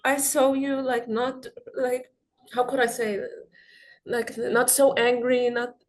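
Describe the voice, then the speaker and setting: A woman trainee doctor on a video call who speaks haltingly. Her fairly high voice keeps stalling on "like" and "I mean" as she restarts her sentences. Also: flat delivery. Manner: hesitant, many "like" and restarts.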